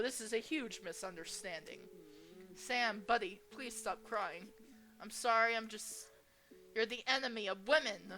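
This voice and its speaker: A young woman reading a visual novel aloud as a gaming host, expressive and playful as she voices each character. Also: medium pitch, a little slow. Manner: expressive, reads each character's lines with shifting energy.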